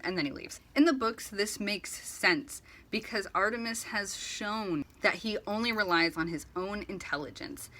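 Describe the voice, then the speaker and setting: A woman's voice: fairly low pitch, bright, forceful tone. A woman giving a casual, rambling commentary comparing a book series with its film, acting out lines in little voices. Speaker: video essay host.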